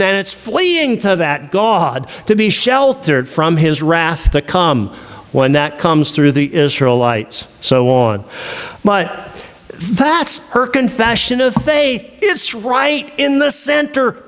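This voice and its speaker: A man giving a seminary lecture on the Bible, animated and full of rhetorical questions. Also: high-pitched, slow pace. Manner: animated, asks rhetorical questions, acts out quoted voices.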